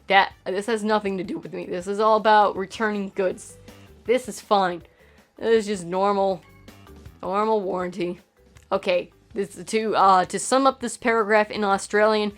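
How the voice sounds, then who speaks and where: A woman's voice: fairly high pitch, steady tone, moderate pace, faint music behind. A woman host reading a game manual aloud for comedy, breaking in with sarcastic, profane asides. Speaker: channel host.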